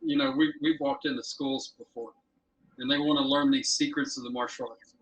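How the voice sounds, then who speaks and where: A man who is a podcast guest and martial arts instructor, telling anecdotes in a lively way. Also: mid-range voice, moderate pace, far from the mic, poor audio. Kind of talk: casual podcast conversation. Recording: husky voice from off-mic.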